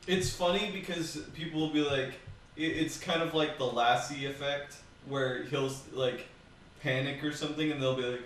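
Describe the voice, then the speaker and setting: A man's voice: fairly high pitch, fairly even intonation, normal speed, a bit bright, a little hiss or hum. Man, let's play co-host, casual rambling jokes, distant mic, very echoey room. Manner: joking, rambling, laughs often. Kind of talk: casual gameplay commentary.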